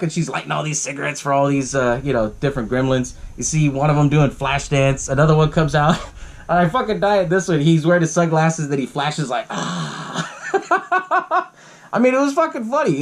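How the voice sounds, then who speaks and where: A podcast host recaps a movie casually, swearing often, laughing along and using lots of fillers. His voice runs on the high side, with lively intonation and a fast delivery.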